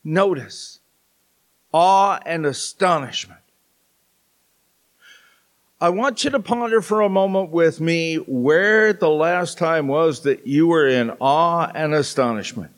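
A middle-aged man preaching a sermon in church, telling stories with dramatic pauses. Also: fairly high pitch. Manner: slow, storytelling delivery with dramatic pauses. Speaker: pastor. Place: church sanctuary.

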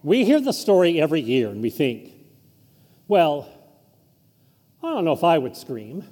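A man with a fairly high voice delivers an informal, conversational sermon. His pitch swings widely as he talks, and a long hall reverb trails each phrase across the church. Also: measured pace, pauses often, breathy edge. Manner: informal, chuckling asides, animated intonation. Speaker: pastor. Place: church sanctuary.

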